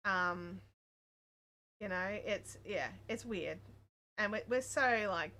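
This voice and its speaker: A woman's voice: mid-range voice, takes it slowly, sharp tone, a little hiss or hum. A woman with an Australian accent, hosting a casual crafting livestream and chatting with viewers in a rambling way with lots of fillers. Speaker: crochet livestream host. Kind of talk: casual chat reading viewer comments.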